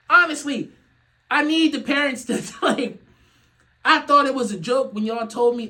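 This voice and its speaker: A young man hosting a podcast, ranting in a loose comedic way. He laughs often, swears freely and swings from loud outbursts to low muttering. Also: normal speed, rough recording. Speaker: podcast host. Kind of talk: casual comedic rant.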